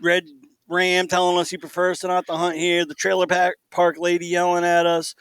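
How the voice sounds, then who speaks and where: A man hosting a hunting podcast, telling a story in a lively way and acting out the people in it. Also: high-pitched, normal speed, clear, resonant tone, no room sound. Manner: animated, quotes people in lively voices. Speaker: podcast host.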